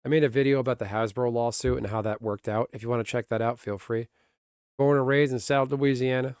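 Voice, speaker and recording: A man's voice: medium pitch, fairly even intonation, a little fast, darkish tone, clear, resonant tone, no echo, clean studio sound. A man streaming and chatting casually with viewers in a rambling way, often laughing. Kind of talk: casual livestream chat.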